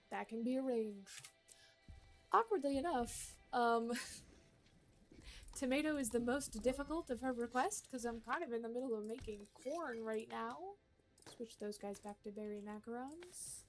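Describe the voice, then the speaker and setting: A woman's voice: on the high side, measured pace, faint music behind. A woman streaming a video game, talking casually and self-mockingly while she plays, laughing often. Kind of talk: casual gameplay commentary.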